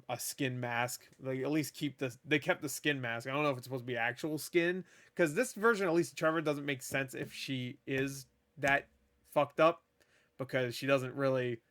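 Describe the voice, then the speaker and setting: A man's voice: mid-range voice, fairly bright tone. A man ranting through a casual film review in a profane, sarcastic, rambling way, recorded at a table indoors. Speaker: movie reviewer.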